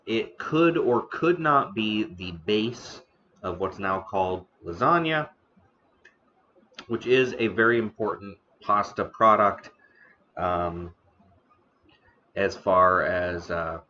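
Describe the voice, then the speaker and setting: A man hosting a casual live stream about the history of noodles, talking slowly with many fillers and restarts, eating now and then. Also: fairly low pitch, sharp tone, highs cut off, slight background noise. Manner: eating on stream between remarks. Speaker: streamer host.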